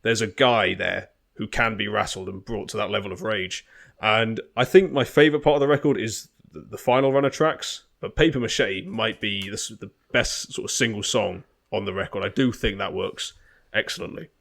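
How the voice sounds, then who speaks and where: A man with a low, gravelly voice talks about a record in a relaxed, conversational way. He sounds like he is chatting with friends on a podcast. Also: moderate pace. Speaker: podcast co-host. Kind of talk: casual album review chat.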